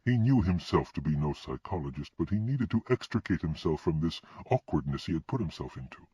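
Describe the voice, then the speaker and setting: A man reads a fantasy novel aloud in an expressive way. His voice is low and husky with a lively lilt. It is a dry, dull, lo-fi recording. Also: fairly quick, dry recording. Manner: expressive reading. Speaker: audiobook narrator. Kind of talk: scripted narration.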